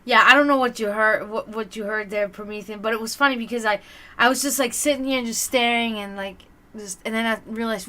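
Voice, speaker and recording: A woman hosting a casual livestream, talking straight to her viewers. Her voice sits high and sounds bright and forward. She tells stories in a chatty way and acts out the voices of the people in them. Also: a little fast. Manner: chatty storyteller acting out quoted voices. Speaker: livestream host.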